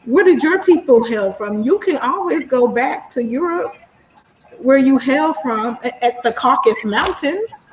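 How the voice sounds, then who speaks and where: A woman's voice: high-pitched, unhurried, a crowd in the background, poor audio. A woman from Missouri with a Missouri accent, talking animatedly and emphatically in a casual book club discussion. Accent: Missouri American. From Missouri, USA. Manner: animated and emphatic, laughs at her own points.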